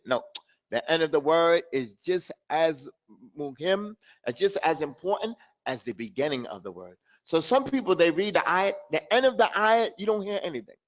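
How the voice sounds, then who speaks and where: High-voiced guy teaching recitation online, calls out students, mimics their mistakes, kinda muffled lo-fi audio. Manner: animated, addresses students by name, mimics mistakes, recites verses slowly. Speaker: tajweed teacher. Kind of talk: live online recitation lesson.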